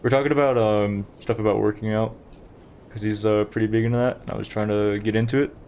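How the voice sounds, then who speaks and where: A man's voice: fairly low pitch, steady tone, fast talker, a little mellow, a little hiss or hum. A young man streaming a game, chatting casually and rambling to his viewers while he plays. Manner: chatty, rambling, talks to chat while playing. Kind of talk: casual gameplay commentary.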